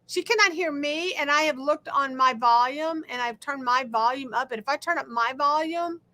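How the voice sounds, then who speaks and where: A middle-aged woman chats casually as host of a livestream. Her voice sits high and sounds bright and ringing. She talks loudly and fast, pushing through the audio trouble. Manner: loud, talking over audio trouble, chatty.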